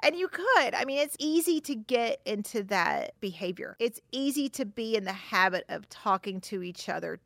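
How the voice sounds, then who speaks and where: A woman therapist hosts a casual advice podcast, speaking frankly and conversationally. Her voice is bright and forward, and the recording is dry and close. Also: a little high, gravelly, no echo. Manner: frank, conversational, acts out example quotes.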